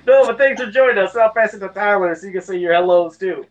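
A man's voice: sits high, fast talker, highs cut off. A man hosting a podcast, opening the show and introducing a guest in a friendly, joking way. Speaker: podcast host.

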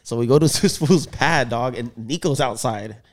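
A man's voice: medium pitch, normal speed. A man co-hosting a podcast, telling stories in casual slang and acting out what people said. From Filipino family. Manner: animated slangy storyteller, acts out quotes. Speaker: podcast co-host. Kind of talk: casual chat, storytelling.

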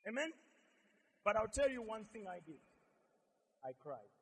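A pastor preaching with a strikingly high, bright voice. He hammers lines again and again, shouting some and dropping to near-murmurs on others. His voice rings with the long reverb of a hall. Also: very animated, unhurried, vocal fry, slightly rough. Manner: emphatic, repeats lines, swings from shouting to quiet. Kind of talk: sermon.

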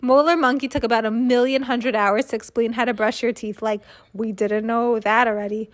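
A woman reading a children's book aloud in a lively, expressive way. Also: a little high, brisk. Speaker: reader.

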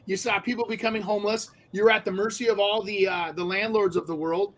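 A man's voice: high-pitched, steady tone, brisk, a bit bright, slight background noise, poor audio. A man co-hosting a casual real estate talk, chatty with many fillers and restarts. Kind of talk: casual chat.

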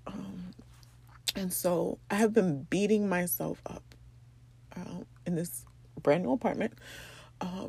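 A young woman, from the Bronx, hosting a personal podcast monologue, tearful and halting, with many pauses and ums. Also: medium pitch, creaky, mellow, breathy edge. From the Bronx, New York. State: tearful, crying. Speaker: podcast host.

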